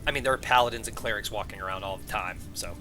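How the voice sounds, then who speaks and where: Bright-voiced man running a tabletop game. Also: fairly low pitch, faint music behind. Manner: relaxed, halting, with frequent uhs. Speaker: game master. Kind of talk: narrating a tabletop game and voicing characters.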